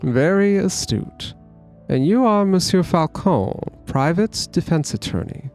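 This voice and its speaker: A smooth, theatrical male bird con man in a video game, voiced by a man reading the lines, spinning his answers in a grand, flowery manner. The voice sits a little high for a man, and faint game music plays beneath it. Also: expressive, measured pace, a little mellow. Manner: grand, flowery storytelling delivery.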